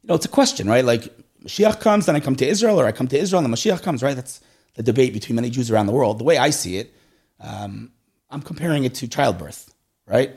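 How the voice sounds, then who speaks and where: A middle-aged man talks fast in a relaxed conversational way. His voice is a little husky, and his pitch swings widely as he acts out the people in his stories. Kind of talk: casual conversational storytelling.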